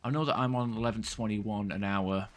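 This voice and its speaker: A man's voice: lowish voice, fairly even intonation, fairly quick. A man streaming a game, rambling casually and venting in frustration, with occasional swearing. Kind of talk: casual gameplay chat.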